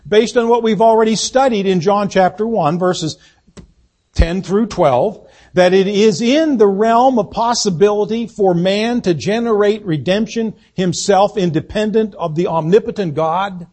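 Husky-voiced preacher man, high-pitched. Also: a little slow. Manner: preaching with rising emphasis, then dropping to quiet asides. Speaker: pastor. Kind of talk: sermon. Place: church sanctuary.

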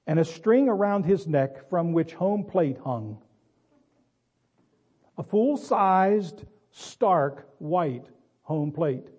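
Man storyteller, high voice, mellow tone, dramatic pauses, dull lo-fi recording. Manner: dramatic pauses, wry asides. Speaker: speaker. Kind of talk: storytelling speech.

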